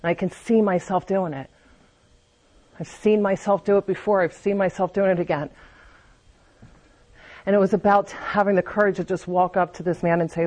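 A woman's voice: medium pitch, steady tone, moderate pace, pauses often, darkish tone. Candid woman giving a testimony talk. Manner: candid, confessional, with frequent restarts. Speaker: speaker at a recovery meeting.

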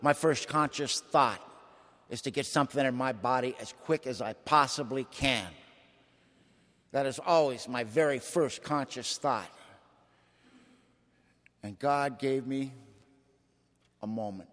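A man's voice: medium pitch, unhurried, pauses often, a bit bright. Man telling his story in an echoing hall. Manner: dramatic, folksy, emphatic. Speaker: recovery meeting speaker. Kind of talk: personal testimony storytelling. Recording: long hall reverb.

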